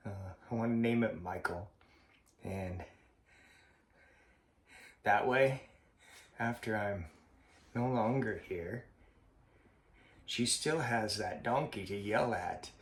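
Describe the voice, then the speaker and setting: A man vlogging in a slow, halting, heartfelt way, with a frequent cough. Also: lowish voice. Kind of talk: personal vlog monologue. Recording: roomy echo.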